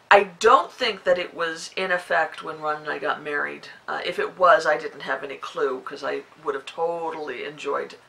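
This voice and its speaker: A woman's voice: lowish voice, vocal fry, sharp tone, rough recording. A woman in her forties hosting her knitting podcast, chatting casually to the camera and rambling with lots of fillers. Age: 40s.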